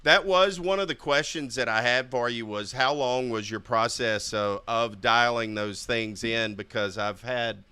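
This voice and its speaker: A male podcast host with a bright, sharp tone and crisp clarity. He talks casually and animatedly, laughing often, and the sound is close and dry with no room. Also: medium pitch, measured pace, few pauses, no echo.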